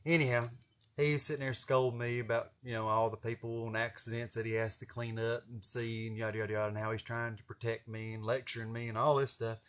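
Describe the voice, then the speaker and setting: A man's voice: mid-range voice, flat delivery, fast talker. Man, 40s; folksy, profane storyteller who chuckles as he goes. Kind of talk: casual storytelling to camera.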